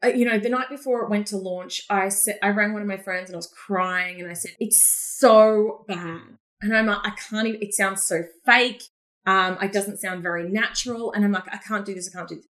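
A woman's voice: medium pitch, fairly quick. A woman with a Queensland Australian accent, a guest in an interview, telling stories with energy and frequent laughs. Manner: energetic storyteller who laughs often. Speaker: podcast guest, business coach. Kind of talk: casual interview chat.

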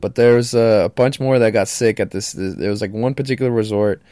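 A man's voice: fairly low pitch, fairly quick, dark tone, smooth, no echo. A man hosting a podcast alone, talking casually in a laid-back, slangy, profane way. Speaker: podcast host. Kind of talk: casual solo podcast monologue.

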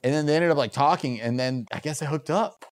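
A young man with a fairly quick, high-pitched voice co-hosts a podcast as a comedian. He tells crude stories in a wry, jokey way during casual chat.

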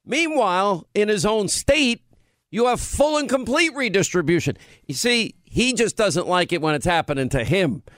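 A man's voice: sits high, expressive, normal speed, fairly bright tone, no room sound. A middle-aged man hosting a political talk radio show, emphatic and scoffing as he argues his point into a studio microphone. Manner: emphatic, scoffing, mocks opponents.

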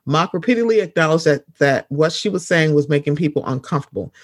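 Higher-pitched man reading an article aloud. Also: expressive, fast talker, dry recording, clean studio sound. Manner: emphatic, breaks off to laugh and comment. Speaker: commentator.

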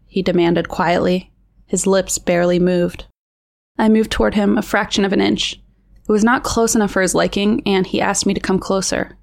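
A woman's voice: medium pitch, flat delivery, normal speed, gravelly. A woman reading a true first-person story aloud in a tense, intimate narrating manner.

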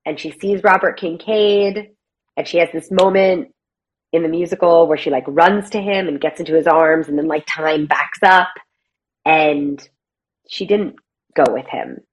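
Chatty, lively woman guest. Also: lowish voice, poor audio. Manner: animated and chatty, mimics characters in quick asides. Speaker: guest, playwright and actor. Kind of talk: casual conversational interview.

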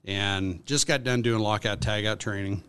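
A man as a podcast guest, telling a workplace story in a casual, animated way with lots of fillers. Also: fairly low pitch, moderate pace, smooth. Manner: animated storyteller, acts out quotes, many fillers.

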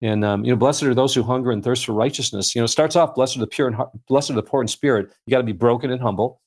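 A man talks through a faith discussion with a gravelly edge to his voice. He rambles warmly through stories, pausing often with fillers and starting sentences over. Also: mid-range voice. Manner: rambling storyteller, many fillers and restarts; acts out voices in anecdotes. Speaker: guest speaker. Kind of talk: conversational faith talk.

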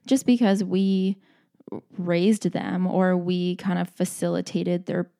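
A young woman in her twenties chats casually to camera, her voice mellow and low in tone with a gravelly edge. She talks in loose, rambling sentences full of filler words and restarts. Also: little pitch movement, slow. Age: 20s. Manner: chatty, frequent "like" fillers and restarts. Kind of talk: casual vlog talk.

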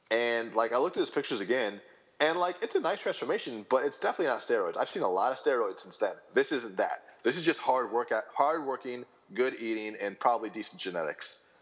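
Rambling, animated man telling stories. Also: medium pitch. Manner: rambling, animated storytelling with many fillers and restarts. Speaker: guest. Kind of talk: casual podcast chat.

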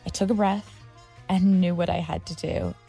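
A woman's voice: on the low side, steady tone, normal speed, vocal fry, warm tone, husky, faint music behind. A woman telling her own story as scripted narration, tense and vivid. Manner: tense, vivid storytelling with heated quoted outbursts.

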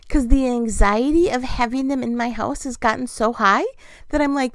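A woman's voice: fairly high pitch, normal speed, no room sound. A middle-aged woman tells a chatty, self-deprecating story in a casual monologue and laughs often.

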